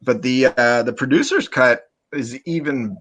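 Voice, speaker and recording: A man's voice: medium pitch, unhurried, a bit bright. Laid-back man hosting a call. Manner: laid-back, frequent "uh" fillers. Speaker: podcast host. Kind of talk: casual chat.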